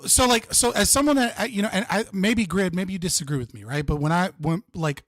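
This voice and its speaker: A man's voice: high voice, a little fast, fairly bright tone, no echo, studio quality. A man on a debate panel, swearing often and leaning on "like" as he argues in casual chat. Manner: profane, lots of "like" fillers. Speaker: panel guest.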